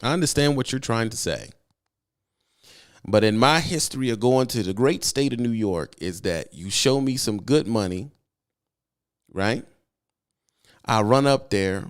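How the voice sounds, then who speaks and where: A man's voice: medium pitch, lively intonation, normal speed, clear, resonant tone. A man, a truck driver, rants casually on his own channel, emphatic and repeating himself for effect. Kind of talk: casual vlog rant.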